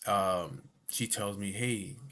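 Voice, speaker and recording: A man's voice: mid-range voice, moderate pace, bright, forceful tone. A man telling a personal story in a casual, profane way, full of swearing and filler asides.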